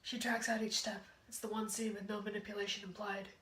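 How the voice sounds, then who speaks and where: A woman voicing a gloomy, deadpan female alter ego with a morbid streak in a school drama presentation. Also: mid-range voice, brisk, natural voice. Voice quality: flat, deadpan. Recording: echoey room, faint hum.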